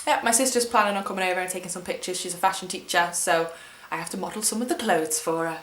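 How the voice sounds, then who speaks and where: A woman's voice: on the low side, fast, fairly bright tone, echoey room. A woman in her twenties with an English accent, chatting wryly and mocking herself as she answers questions at home. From England. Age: 20s. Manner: chatty, wry and self-mocking. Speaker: vlogger. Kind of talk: casual tag video chat.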